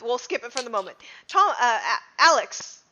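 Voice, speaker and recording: A woman playing in a tabletop game, talking through the rules in a quick, upbeat way. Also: fairly high pitch, big pitch swings, crowd noise. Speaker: player. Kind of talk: casual tabletop game chat. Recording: dull lo-fi audio.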